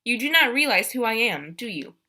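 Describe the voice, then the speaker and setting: A woman's voice: a little high, big pitch swings, fairly quick, bright, forceful tone, full character voice. A woman voicing a cold, mocking male monster. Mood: taunting. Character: menacing male monster posing as teacher. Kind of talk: audiobook character voice.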